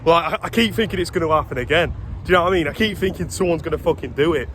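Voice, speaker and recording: A man's voice: fairly high pitch, racing, bright, forceful tone, a little hiss or hum. A British man in his twenties, ranting and swearing as he tells stories while walking down a street. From Britain. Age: 20s. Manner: swearing, exasperated storytelling. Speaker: vlogger. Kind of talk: casual ranting vlog. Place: outdoors walking along a street.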